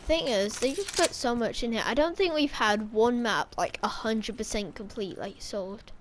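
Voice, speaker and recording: A woman's voice: fairly high pitch, animated, moderate pace, a little hiss or hum. A woman talking casually about game lore, rambling and correcting herself as she speculates. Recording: game gunfire playing behind.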